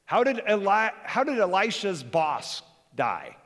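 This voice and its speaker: A male pastor preaching a sermon, talking fast and jokey, with animated bursts of energy. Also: sits high. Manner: joking, conversational. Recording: long hall reverb.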